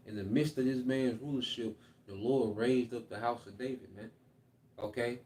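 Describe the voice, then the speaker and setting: A man's voice: mid-range voice, warm tone, slight background noise. A man giving informal scripture teaching, reading verses aloud and then explaining them in a loose, repetitive way, often tagging lines with "man" and "okay?". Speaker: Bible teacher.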